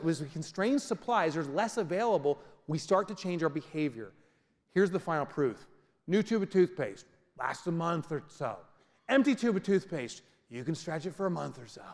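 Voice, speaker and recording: A man giving a comedic motivational talk to a live audience, telling stories and acting out scenes. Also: high voice. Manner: animated storytelling, acts out scenes. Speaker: keynote speaker. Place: large venue with audience. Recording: reverberant hall.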